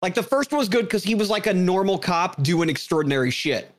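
High-voiced, animated, profane man. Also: brisk. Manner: animated, profane, jokey, puts on silly voices. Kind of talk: casual banter.

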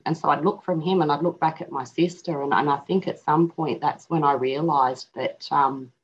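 A middle-aged woman telling a personal story as an interview guest, halting and reflective, with frequent restarts. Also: low voice, steady tone, husky. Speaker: guest and author. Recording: dull lo-fi audio.

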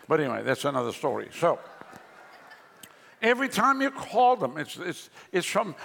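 A man's voice: sits high, gravelly, bright, forceful tone, a little hiss or hum. A male pastor preaching a sermon, telling jokes and stories to the congregation in a large church hall. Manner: joking, storytelling preacher. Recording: long hall reverb.

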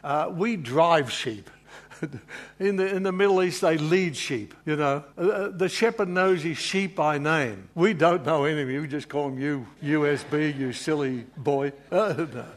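A man's voice: fairly high pitch, a little slow. A man preaching a sermon to a live congregation, informal and emotional, with frequent fillers and self-deprecating asides.

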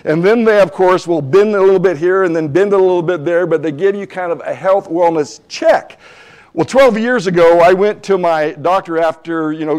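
An older man in his seventies leads a church lesson in a relaxed sermon style, his voice sitting a little high for a man. He tells folksy, humorous stories, acting out both sides of a conversation as he goes. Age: 70s. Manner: folksy and humorous, with frequent restarts. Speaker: church Bible class teacher.

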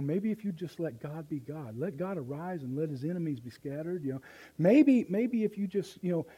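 A male pastor preaching live in church, folksy and impassioned, swinging from hushed asides to loud appeals. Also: a little high, husky, rough recording. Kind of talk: sermon.

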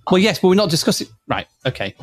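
A man's voice: high voice, big pitch swings, fast, soft background music. A man co-hosting a live audio chat show, chatty and rambling with lots of fillers and restarts. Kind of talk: casual chat.

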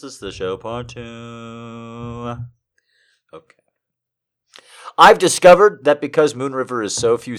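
A man streaming from home, reading poems and love letters aloud with slow drama, breaking off into chatty, profane asides. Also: on the low side.

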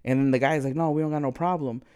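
A man's voice: on the high side, steady tone, fast, mellow, clear, resonant tone. A man retelling a story in casual chat, swearing freely and acting out quoted dialogue.

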